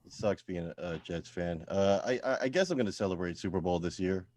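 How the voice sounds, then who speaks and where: A man performs stand-up over a video call from home in a lowish, dry-sounding voice. He delivers his jokes deadpan, then lets them trail off into quiet, self-deprecating mumbles. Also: brisk, no echo. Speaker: stand-up comedian at open mic.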